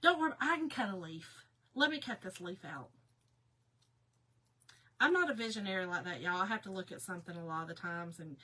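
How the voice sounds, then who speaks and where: A woman's voice: medium pitch, bright, forceful tone. A woman chatting casually with her viewers while she crafts on a livestream, laughing often.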